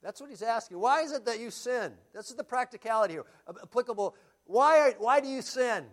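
A middle-aged man pastor preaching a sermon, telling stories and moving between loud emphasis and quiet asides. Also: extremely high pitch, lively intonation, brisk.

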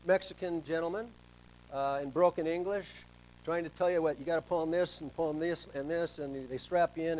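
A middle-aged man preaching a sermon as pastor, telling stories and swinging between soft asides and loud emphasis. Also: a little high, a little hiss or hum, rough recording.

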